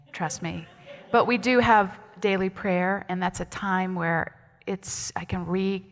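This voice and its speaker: Her voice is fairly low and gravelly as she, a woman associate minister, chats her way through a conversational sermon. She questions the congregation directly, and the church sanctuary adds a long hall reverb to the recording.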